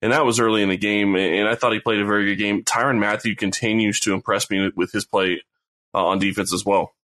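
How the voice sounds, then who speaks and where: A man co-hosting a sports podcast, breaking down a game in a measured, deliberate, casual way. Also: fairly low pitch, little pitch movement, a bit bright. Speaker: podcast co-host.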